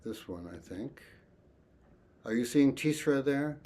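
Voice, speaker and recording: A man teaching an online music lesson, speaking softly and thoughtfully and chanting rhythm syllables. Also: medium pitch, expressive, slow.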